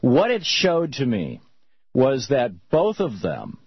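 A man hosting a call-in radio talk show, talking in an animated, opinionated way with frequent restarts. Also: mid-range voice, takes it slowly, husky, no echo, muffled recording.

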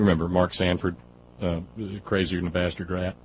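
Low-voiced male radio host, stammering. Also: little pitch movement, quick pace. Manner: stammers and restarts, joking. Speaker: radio talk show host. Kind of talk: call-in radio talk. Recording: dull radio recording with faint hiss.

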